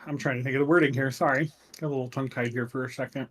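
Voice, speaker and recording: A man's voice: medium pitch, fairly even intonation, very fast. Hesitant man narrating his game character. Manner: hesitant, filler-heavy, describing actions. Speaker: tabletop game player. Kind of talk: casual play narration.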